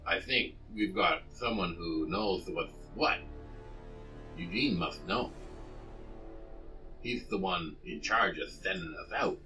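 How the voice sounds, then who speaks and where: Player guy, slow talker, bright voice, asks a lot of questions. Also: low voice, big pitch swings, soft background music, poor audio. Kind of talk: casual tabletop game chat.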